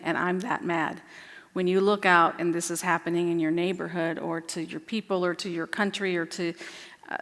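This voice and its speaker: A woman's voice: fairly low pitch, a bit bright. Reflective woman moderator in a hall. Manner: candid, reflective, asks many questions. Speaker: book discussion moderator. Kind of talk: casual group discussion.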